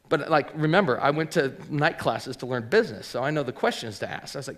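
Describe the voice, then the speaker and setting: A man's voice: fairly high pitch, lively intonation, fast. A middle-aged man telling a personal story live on a theater stage, chatty and full of fillers. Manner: chatty, filler-heavy, voices quoted people.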